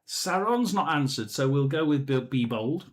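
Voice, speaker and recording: A man hosting a live tarot session, musing aloud and often clearing his throat. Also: medium pitch, moderate pace, rough recording. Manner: musing, talks to himself, frequent throat clearing. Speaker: tarot reader and live stream host. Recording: steady background noise.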